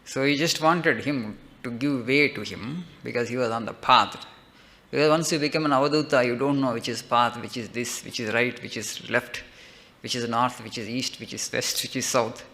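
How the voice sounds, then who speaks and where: A man's voice: mid-range voice, fairly even intonation, moderate pace, sharp tone. A man, a monk giving a spiritual discourse, retelling a legend with frequent "okay" checks and rhetorical lists.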